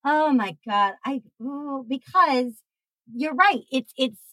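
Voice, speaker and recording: A woman's voice: sits high, expressive, slow pace, sharp tone, no echo, rough recording. A woman hosting a podcast, chatting energetically and emphatically, swearing freely and acting out quotes. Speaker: podcast host. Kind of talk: casual interview chat.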